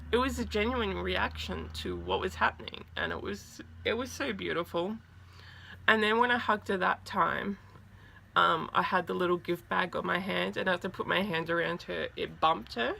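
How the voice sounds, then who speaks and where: A woman vlogger excitedly telling a story in a casual, chatty way, with lots of fillers. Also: lowish voice, normal speed, gravelly, a little hiss or hum.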